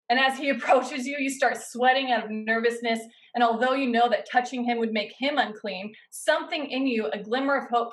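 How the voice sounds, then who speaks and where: A woman pastor preaching a sermon, guiding her listeners through a scene in the second person with slow, dramatic pauses. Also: a little high, poor audio. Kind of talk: sermon with guided imaginative narration.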